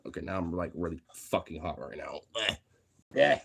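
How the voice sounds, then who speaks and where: A man's voice: extremely low pitch, fairly even intonation, fast, vocal fry, husky. A man casually vlogging at home, talking in a playful, silly voice to his dogs and laughing often. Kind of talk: casual vlog chat.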